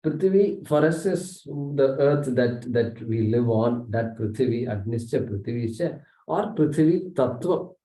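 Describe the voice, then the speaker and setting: A man's voice: mid-range voice, animated, takes it slowly, dark tone. A man teaching a scripture class, explaining step by step, reciting verses and often saying "okay". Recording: echoey room, mic distant.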